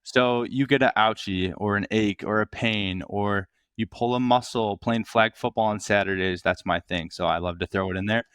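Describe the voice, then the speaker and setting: A man, a physical therapist, explaining in a relaxed, upbeat way as a podcast guest. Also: lowish voice, normal speed, few pauses, smooth, no room sound, studio quality. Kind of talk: casual podcast interview.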